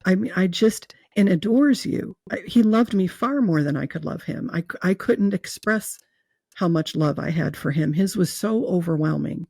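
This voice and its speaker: Woman guest, heartfelt storyteller, gravelly fry in her voice, close and dry. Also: fairly low pitch, expressive, normal speed, dark tone, no room sound. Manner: earnest, emotional, with fillers and restarts. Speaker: guest telling her near-death experience. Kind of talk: personal storytelling in an interview.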